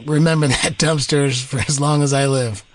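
A man's voice: on the high side, steady tone, normal speed. A man co-hosting a podcast, joking around and laughing often in casual chat. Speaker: podcast co-host. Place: rented place away from home.

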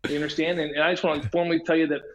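A man co-hosting a sports podcast, telling stories in a lively, self-mocking way and acting out what people said. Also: on the high side, very fast, a little hiss or hum. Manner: animated storyteller, acts out quotes. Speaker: podcast co-host, former hockey player. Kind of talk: casual chat.

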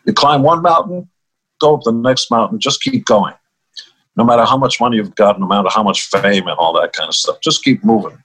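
A husky, fairly bright, lowish voice moves briskly as an older musician tells stories in an interview. His style is wry and easygoing, he laughs at his own punchlines, and the recording quality is low.

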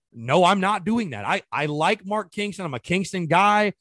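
A man's voice: high-pitched, expressive, brisk, few pauses, a bit bright, no echo, clean studio sound. A man hosting a sports podcast, ranting in an exasperated way and firing off rhetorical questions in casual commentary.

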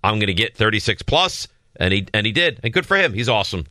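A man cohosting a sports talk show, spinning animated everyday stories between plugs. His voice is bright and forceful. The sound is dry and close. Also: on the low side, no echo. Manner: animated storyteller, reads ad copy quickly. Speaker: radio sports talk host. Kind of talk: casual sports radio banter.

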